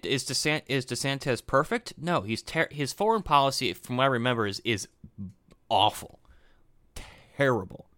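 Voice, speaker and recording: Animated man with a lively voice. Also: mid-range voice, no room sound, clean studio sound. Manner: animated, rambling, repeats himself. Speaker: podcast host. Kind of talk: solo political commentary.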